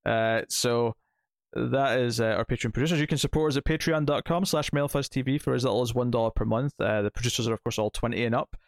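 Halting man signing off a podcast. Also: medium pitch, no room sound, clean studio sound. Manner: halting, many fillers and restarts. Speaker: podcast co-host. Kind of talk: casual podcast chat and outro.

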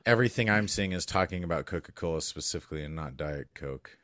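A man co-hosting a podcast in casual chat, chatty and opinionated with quick asides. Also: low-pitched, expressive, pushed and bright, dry recording, clean studio sound. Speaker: podcast co-host.

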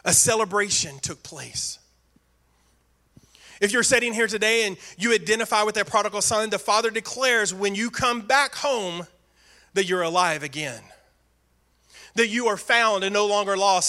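A man's voice: high-pitched, normal speed, sharp tone. A male pastor preaching a sermon earnestly, stressing points through repeated phrases.

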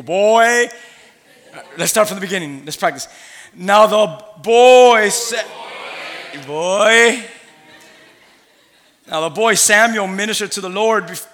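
In a church sanctuary, a pastor in his thirties delivers a sermon in a bright, forceful voice that sits a little high. He talks fast with few pauses, drawing the congregation into animated call-and-response and swinging from near-shouts to hushed asides. A long reverb from the hall carries the sound.

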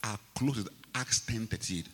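A man with a Ghanaian English accent, a bishop preaching a sermon, who drops to low murmurs, then rises to shouts and repeats his lines. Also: moderate pace, big-room sound. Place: large church hall.

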